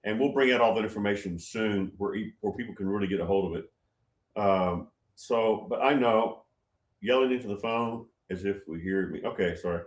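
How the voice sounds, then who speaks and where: A man in his seventies hosting a casual livestream, reading viewer comments and answering them, getting loud and excited with many restarts. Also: fairly low pitch, normal speed, echoey room. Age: 70s. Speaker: livestream host answering chat.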